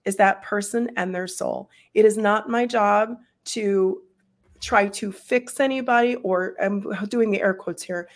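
A woman energy healer talking calmly and earnestly about healing and opening the heart. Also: medium pitch, a little slow. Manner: calm, earnest, explains at length. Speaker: energy healer and spiritual coach. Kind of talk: casual spiritual chat.

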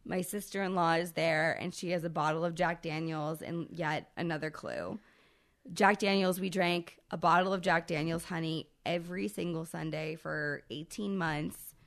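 With a low voice, this thirty-something podcast co-host shares a long story from her own life. She keeps it casual, animated and sweary.

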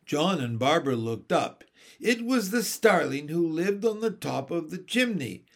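A man reading a children's storybook aloud, expressive and animated. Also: on the high side, unhurried. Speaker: audiobook reader.

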